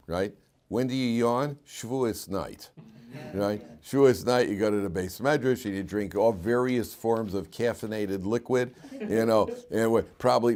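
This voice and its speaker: A rabbi in middle age runs a Torah class, putting questions to his students. He elongates key phrases at a slow, loud pace and lowers his voice to a quiet murmur for wry asides.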